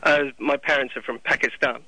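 A male caller with an English accent who talks quickly and sounds very bright and cutting. He is chatty and cheeky, throwing in jokes as he speaks with the hosts. His delivery is brisk and forward. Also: medium pitch, steady tone, a little hiss or hum, rough recording. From United Kingdom.

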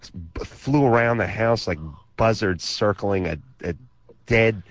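A man's voice: lowish voice, measured pace, dry recording. A man co-hosting a call-in radio show, telling exaggerated, sarcastic stories with crude asides. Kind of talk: comedic storytelling on call-in radio. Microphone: studio microphone.

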